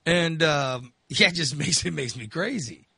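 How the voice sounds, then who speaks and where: A man's voice: a little high, animated, measured pace, creaky, pushed and bright, slightly rough, no echo, studio quality. A man hosting a podcast, telling stories in casual chat with laughs and voiced asides. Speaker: podcast host.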